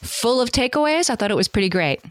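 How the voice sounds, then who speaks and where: A woman's voice: on the high side, very animated, quick pace, dry recording. Middle-aged woman, podcast co-host, thoughtful conversational chat, dry close sound. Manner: conversational, thoughtful, frequent fillers.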